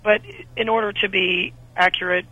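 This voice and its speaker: A woman in her thirties, an actress chatting as a guest in a radio interview, animated and prone to restarts. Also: mid-range voice, normal speed, slightly rough, rough recording. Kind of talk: casual radio interview chat.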